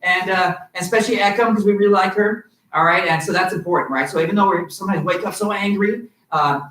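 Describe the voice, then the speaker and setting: A man's voice: sits high, fast talker. Upbeat male instructor in a roomy studio. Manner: upbeat, animated, coaxing children. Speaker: martial arts instructor. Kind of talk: live-streamed kids' class teaching. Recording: roomy sound from far off.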